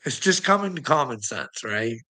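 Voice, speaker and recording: A man's voice: mid-range voice, big pitch swings, moderate pace, bright, forceful tone, rough recording. A man delivering a profane, rambling rant, swearing constantly and breaking into laughter between phrases. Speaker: online commentator.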